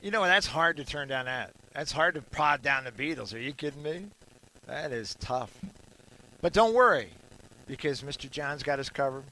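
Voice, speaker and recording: A man hosting a radio talk show live from a garden store, chatting in a rambling, jokey way with frequent filler pauses. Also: fairly high pitch, lively intonation, sharp tone, a little hiss or hum, poor audio. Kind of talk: casual radio chat.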